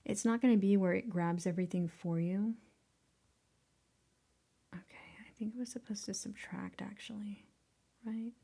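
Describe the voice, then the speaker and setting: A woman teaching photo editing in a casual tutorial. Her voice is mellow with a gravelly edge, and she often sinks into a whispered mutter as she concentrates. She talks in a self-deprecating way and chuckles at her own mistakes. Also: medium pitch, fairly even intonation, normal speed, long pauses. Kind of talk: casual screen-recorded tutorial.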